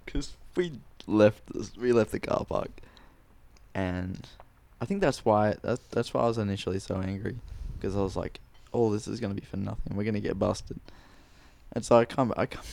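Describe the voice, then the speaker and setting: A man co-hosting a podcast, telling a story in a casual, animated way, swearing a lot and acting out quotes. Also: on the low side, moderate pace, creaky. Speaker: podcast co-host.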